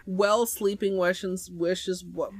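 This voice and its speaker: A woman's voice: lowish voice, fairly even intonation, slow pace, a little hiss or hum. A young adult woman chatting casually on a livestream, joking crudely and exclaiming often. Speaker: nail art streamer.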